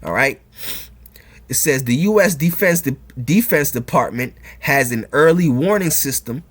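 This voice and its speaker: A man's voice: medium pitch, expressive, measured pace, breathy edge. A man giving preachy religious commentary, reading news and scripture aloud, emphatic and repetitive, tagging lines with "all right?" and "man" and chuckling often. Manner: emphatic, repeats key phrases.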